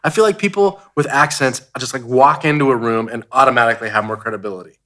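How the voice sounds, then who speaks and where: A man's voice: medium pitch, fast talker, pushed and bright. A young man hosting a podcast interview, encouraging his guest with short affirmations. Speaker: podcast host. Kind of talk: casual interview.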